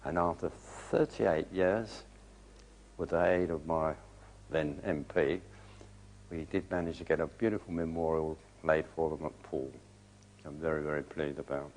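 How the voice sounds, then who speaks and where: A man's voice: very deep voice, fairly even intonation, moderate pace, a little mellow, slight background noise, low-quality recording. An older English man, a war veteran, recalling his experiences in a plain, understated way with hesitations. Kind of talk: spoken recollection.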